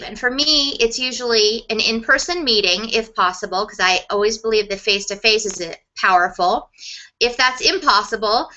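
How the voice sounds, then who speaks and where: A middle-aged woman sales coach teaching a webinar, chatty and quick, with restarts and laughs. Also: fairly high pitch, pushed and bright, muffled recording.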